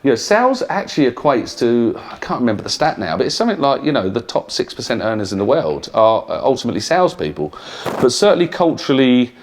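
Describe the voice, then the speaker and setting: A man's voice: mid-range voice, sing-song, fast talker. Middle-aged British man lecturing, frank and chatty. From United Kingdom. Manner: conversational, frank, with frequent "yeah?" check-ins. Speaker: entrepreneur giving a talk. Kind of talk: lecture to students. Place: university lecture room.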